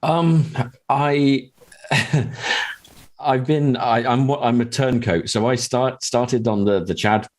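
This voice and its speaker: A man's voice: medium pitch, slow, pauses often. A man who writes scripts, talking in a hesitant, rambling way with many restarts. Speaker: podcast guest and script writer. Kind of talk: casual chat.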